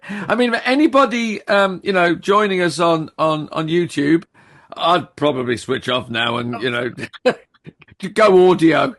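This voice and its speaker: A man's voice: a little high, lively intonation, unhurried, a bit bright. A man co-hosting a podcast, chatting casually and teasing his partner in a jokey way. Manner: teasing and jokey, chuckles between remarks. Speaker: podcast co-host presenting clips. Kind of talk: casual chat.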